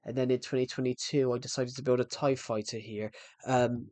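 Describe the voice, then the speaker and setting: A man's voice: mid-range voice, flat delivery, a little fast, warm tone, no echo. Breathless young man streaming a game. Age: 20s. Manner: rambling, restarts sentences, thanks viewers. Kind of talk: casual live-stream chat.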